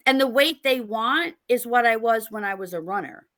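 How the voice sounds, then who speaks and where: Middle-aged woman guest, animated storyteller, bright and fairly high voice. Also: normal speed. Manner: animated, laughing storyteller acting out quotes. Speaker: podcast guest, author. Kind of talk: casual interview storytelling.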